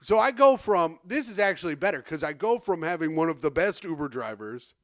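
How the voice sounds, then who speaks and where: A man's voice: fairly high pitch, expressive, brisk, a bit bright, no echo, clean studio sound. A man co-hosting a comedy podcast, telling a long, rambling story and acting out the other people in it. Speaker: podcast co-host. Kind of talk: casual comedy podcast chat.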